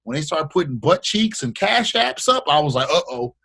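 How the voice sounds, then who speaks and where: A man from the Bay Area, a radio host, chatting as a podcast guest in slangy, animated storytelling style, acting out what people said. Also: a little high, normal speed, creaky, breathy edge. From Bay Area, California. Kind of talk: casual interview chat.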